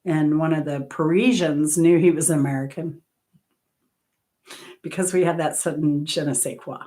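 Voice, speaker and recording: Woman, deep voice, casual host chat, rambling stories, self-corrections. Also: steady tone, moderate pace, warm tone. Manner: rambling travel anecdotes with self-corrections and laughs. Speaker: host of a music trivia channel.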